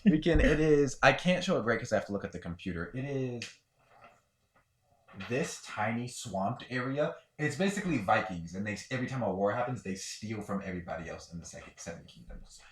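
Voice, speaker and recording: A man's voice: medium pitch, expressive, fairly quick, slight background noise. A man narrating a tabletop role-playing game as game master, casual and rambling with lots of fillers.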